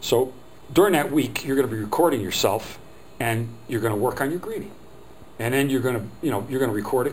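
A man's voice: mid-range voice, lively intonation, fast, a little hiss or hum, rough recording. A middle-aged man teaching a phone skills workshop, talking in a chatty, rambling way and acting out little quotes.

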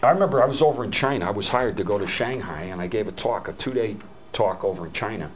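A man's voice: fairly low pitch, lively intonation, fast, slight background noise, low-quality recording. An older man giving a live customer service training talk, telling folksy stories and acting out the quoted dialogue. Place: hotel meeting room.

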